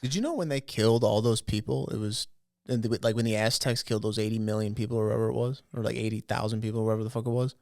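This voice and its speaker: A man's voice: lowish voice, fairly even intonation, very fast, creaky, a little mellow, no room sound, clean studio sound. A man co-hosting a casual podcast chat, rambling through a story with fillers, swearing and frequent laughs. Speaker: podcast co-host.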